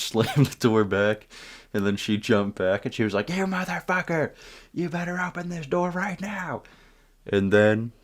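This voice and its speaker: Deep-voiced man telling a wild story. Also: clear, resonant tone. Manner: profane, animated retelling with asides to viewers. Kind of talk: casual story time.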